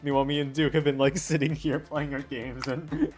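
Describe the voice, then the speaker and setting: A woman's voice: low-pitched, fairly even intonation, brisk. A woman in a casual group voice chat, teasing her friends with sarcastic, playful jabs.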